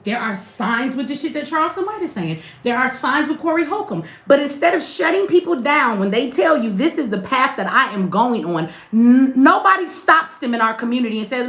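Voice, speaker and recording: A woman's voice: sits high, big pitch swings, a little fast, few pauses, a bit bright, roomy sound. A woman hosting a livestream, talking bluntly to her chat with plenty of cursing. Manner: blunt, profane, talks straight to chat. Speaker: livestream host. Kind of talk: livestream commentary.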